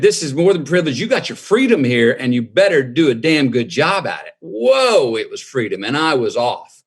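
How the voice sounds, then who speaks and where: Man, middle-aged, husky voice, drawling storyteller, reflective. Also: mid-range voice, very animated, moderate pace. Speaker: guest. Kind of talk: storytelling in a podcast interview.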